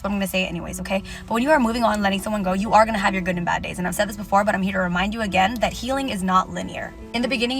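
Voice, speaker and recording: A woman's voice: medium pitch, fairly bright tone. A woman giving casual, direct advice to camera in a chatty way, coaxing the listener along. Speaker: advice creator. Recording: roomy echo.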